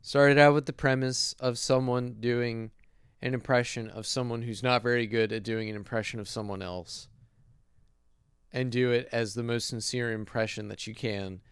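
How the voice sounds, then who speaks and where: Teasing man with a clear, dry voice. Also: medium pitch, steady tone, moderate pace, no echo. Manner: teasing, laughs often, crude jokes. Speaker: podcast co-host. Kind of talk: casual comedic banter.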